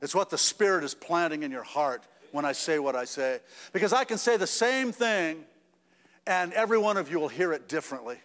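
A man's voice: fairly high pitch, expressive, a little fast, fairly bright tone. Man preaching in an echoing hall. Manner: conversational, repeats and restarts, rises to emphatic peaks. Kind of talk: sermon. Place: church sanctuary.

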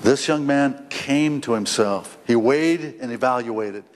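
A man's voice: mid-range voice, a little slow. A middle-aged man preaching a sermon as a pastor, emotional, with stammered repetitions and a voice that climbs when he speaks as the prodigal son. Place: church stage. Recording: long hall reverb, faint noise.

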